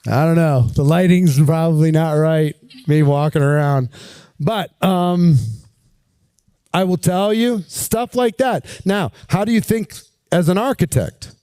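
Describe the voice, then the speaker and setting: A man coaching recruiters in an energetic, direct way, often asking his listeners questions while walking around. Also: fairly high pitch, unhurried, clear, resonant tone, dry recording. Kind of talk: coaching talk with acted pitch demos.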